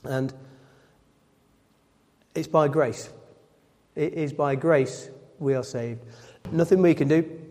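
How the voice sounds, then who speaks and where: A man's voice: mid-range voice, a little slow, a little mellow. Man preaching in a reverberant hall. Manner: reads scripture aloud, then explains it with repeated phrases and self-corrections. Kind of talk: sermon.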